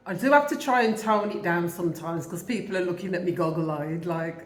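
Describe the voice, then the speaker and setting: A woman's voice: fairly low pitch, normal speed, reverberant, slight background noise. Chatty Wolverhampton woman in her fifties. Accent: Wolverhampton English. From England. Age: 50s. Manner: chatty, rambling, laughs often, talks while eating. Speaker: vlogger. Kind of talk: casual chat to camera. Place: home in Jamaica.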